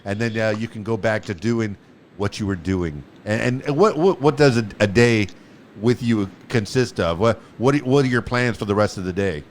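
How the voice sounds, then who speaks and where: A man hosting a podcast interview, speaking haltingly with repeated words and hesitations. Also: on the low side, slight background noise. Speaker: podcast host.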